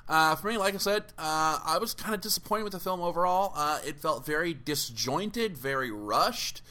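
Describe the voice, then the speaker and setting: A man's voice: a little high, animated, moderate pace, pushed and bright. A man hosting a casual film podcast, asking thoughtful questions and steering the talk, with frequent fillers. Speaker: podcast host.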